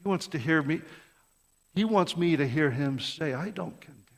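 A man's voice: a little high, lively intonation, normal speed. A male pastor delivering an impassioned sermon, full of rhetorical questions and repeated words, in a church. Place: church sanctuary. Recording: long reverb of a large hall.

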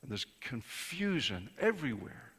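A man preaching a sermon in a conversational way, rising to emphatic peaks and then dropping soft. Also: medium pitch, very animated, moderate pace, breathy edge. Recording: reverberant hall.

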